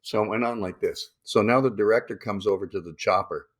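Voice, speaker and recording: Brief: older male actor, guest, lively storyteller, slips into put-on voices. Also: lowish voice, a little fast. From Canada. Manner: acts out lines in put-on voices, swears freely. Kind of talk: animated anecdote telling.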